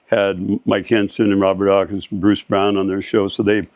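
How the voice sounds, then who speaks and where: Dull lo-fi audio with faint music carries an interview in which a California surfer and board shaper, in his seventies, rambles through old stories. His voice is on the low side, his delivery flat at a normal speed, and the recording dry.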